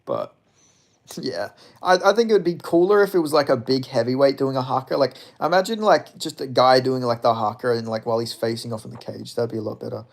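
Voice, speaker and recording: A man's voice: mid-range voice, animated, a little fast, vocal fry. A man in his twenties chatting casually with his live-stream audience, rambling and swearing as he reads chat. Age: 20s. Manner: profane, rambling, laughs often.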